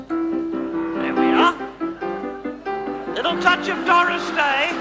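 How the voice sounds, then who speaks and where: A man performing a flamboyant suburban housewife turned megastar, gushing and condescending, directing volunteers in a comedy stage show. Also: extremely high pitch. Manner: theatrical, condescending, gushing endearments. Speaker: host directing audience volunteers. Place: large hall. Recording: reverberant hall with audience.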